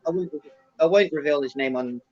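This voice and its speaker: A man's voice: fairly high pitch, fairly quick, dull audio, a crowd in the background. A man telling a story on a call, rambling and hesitant, with bursts of swearing.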